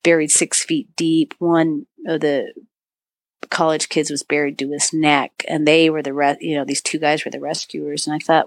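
A deep voice with little pitch movement, at normal speed in a dry recording, belongs to a middle-aged woman from northern Michigan. Guesting on a podcast as an author and avalanche dog handler, she tells a search-and-rescue story in interview form, acting out dialogue with frequent "you know".

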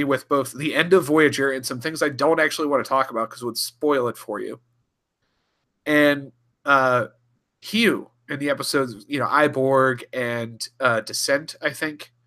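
A man's voice: mid-range voice, bright, forceful tone. A man co-hosting a casual podcast chat, rambling and swearing freely, often laughing. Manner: rambling, profane, chuckling. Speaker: podcast co-host.

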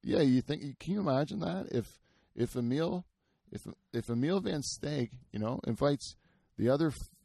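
A man's voice: on the high side, expressive, moderate pace, vocal fry, warm tone, slightly rough, no echo, studio quality. A man hosting a podcast in casual, rambling chat, full of fillers, restarts and swearing. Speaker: podcast host.

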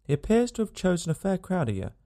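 A man's voice: sits high, very animated, fast talker, mellow, voice pushed up. A man voicing a gaunt, weary male wanderer who talks in a plain, folksy way. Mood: defiant.

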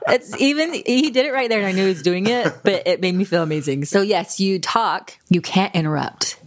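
Quick-talking, emotional woman co-host. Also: mid-range voice. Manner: warm, emotional, quick and chatty. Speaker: podcast co-host. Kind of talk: casual conversation.

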